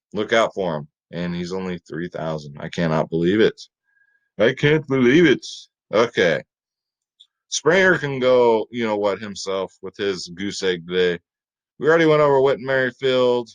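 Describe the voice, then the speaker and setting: A man's voice: fairly low pitch, low-quality recording. A man hosting a fantasy sports picks video, talking in a hyped, chatty, salesy way.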